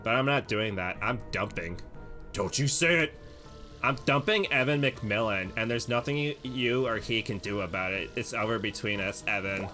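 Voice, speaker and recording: A man voicing a proud, stubborn male killer who blusters loudly in a dating-sim game. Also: on the low side, moderate pace, faint music behind. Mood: defiant.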